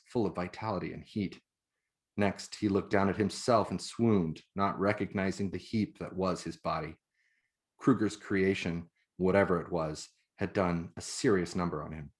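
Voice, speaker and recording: Deep-voiced man reading his novel. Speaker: author.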